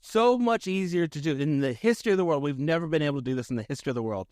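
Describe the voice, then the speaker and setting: A man's voice: on the high side, animated, very fast, a little mellow, no room sound, studio quality. A middle-aged man, a guest comedian, chatting casually on a podcast in a rambling, self-deprecating way, restarting his sentences often.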